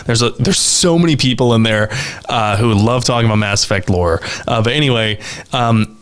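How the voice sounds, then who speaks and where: A man co-hosting a podcast who also does voice acting, chatting in a friendly, relaxed way. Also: medium pitch, normal speed, clear, resonant tone. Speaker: podcast co-host and voice actor. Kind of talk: casual chat.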